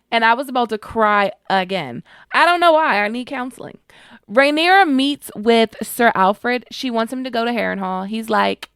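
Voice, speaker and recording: A woman giving a casual, expressive recap of a TV episode, slangy and emotionally invested. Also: a little high, normal speed, clean tone, no echo, studio quality. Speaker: TV show reviewer.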